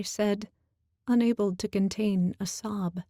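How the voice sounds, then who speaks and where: A woman narrating a first-person fantasy audiobook in a slow, emotional storytelling manner on a close studio mic. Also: medium pitch, fairly even intonation, dark tone, dry recording.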